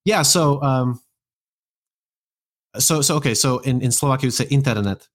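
A man's voice: medium pitch, normal speed. Casual male guest, rambling delivery full of restarts. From United States. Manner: rambling, many restarts and fillers. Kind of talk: casual conversation.

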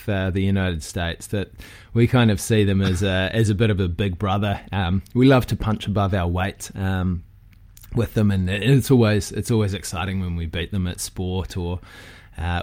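Deep-voiced New Zealand man, chatty. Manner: relaxed, chatty, frequent fillers and restarts. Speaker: guest, physical therapist. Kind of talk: casual podcast conversation.

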